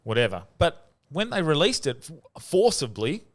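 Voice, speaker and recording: A man's voice: fairly high pitch, very animated, moderate pace. A man hosting a podcast, loose and joking with plenty of restarts. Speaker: podcast host. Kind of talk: casual podcast chat.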